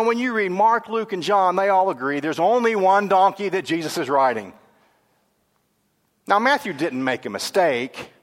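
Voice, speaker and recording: A man preaching a sermon, lively and conversational, moving between animated questions and hushed, grave passages. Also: high voice, long reverb tail. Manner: self-correcting, laughs at own stumbles.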